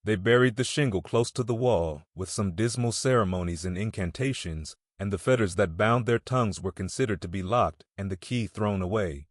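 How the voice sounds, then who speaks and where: A man with a fairly low voice reads a classic novel aloud in a measured storytelling way. The recording is dry and close with no room sound. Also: dry recording. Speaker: audiobook narrator. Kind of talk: scripted narration.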